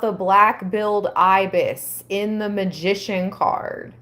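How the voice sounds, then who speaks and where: Slow, musing woman reading tarot. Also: on the low side, slight background noise. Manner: musing, reads aloud slowly, reacts with soft exclamations. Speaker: tarot reader.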